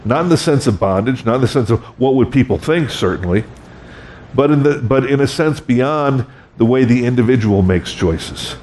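A man's voice: medium pitch, animated, moderate pace, a little mellow, slight background noise. A middle-aged man preaching a sermon, conversational and self-deprecating, acting out quoted voices. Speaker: pastor.

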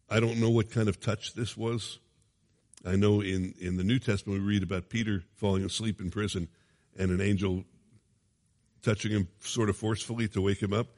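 A low-voiced male preacher reads scripture dramatically and breaks into relaxed, conversational asides with a chuckle. His voice rings with a long reverb, as in a large hall. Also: normal speed, pauses often. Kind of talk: sermon with scripture reading.

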